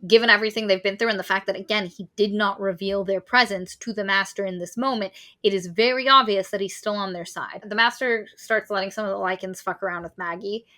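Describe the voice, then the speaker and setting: A woman co-hosting a podcast, casually recapping a novel in an animated, sweary way and briefly voicing the characters. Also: mid-range voice, a little fast, few pauses. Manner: animated, sweary, acts out characters mid-summary. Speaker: podcast co-host. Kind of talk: casual book recap chat.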